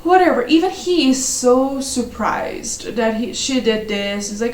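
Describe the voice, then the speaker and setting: A woman's voice: a little high, slow, hardly any pauses, a little hiss or hum. Exasperated woman ranting in an echoey room. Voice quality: exasperated, sarcastic. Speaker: book reviewer. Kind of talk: ranting book review.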